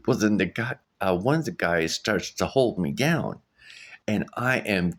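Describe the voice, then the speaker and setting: A middle-aged man casually telling a story to his vlog, laughing often and acting out quoted shouts in a jumpy, excited voice. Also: normal speed. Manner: animated, laughing, acts out quoted shouts in a high voice. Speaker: vlogger.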